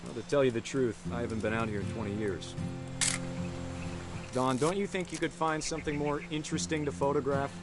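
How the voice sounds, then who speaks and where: A man's voice: mid-range voice, steady tone, fairly quick, close to an everyday voice. A man playing a stern father on a hunting trip. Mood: serious. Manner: earnest, lecturing. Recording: loud music behind.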